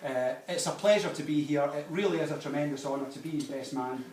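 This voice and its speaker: A middle-aged Scottish man delivers a joke-filled best man speech. His voice sits a bit high and carries through an echoey reception hall, caught from a distance over loud background noise. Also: fast talker. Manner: joke-telling, cheeky, sentimental at the close. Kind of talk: wedding speech. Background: guests laughing.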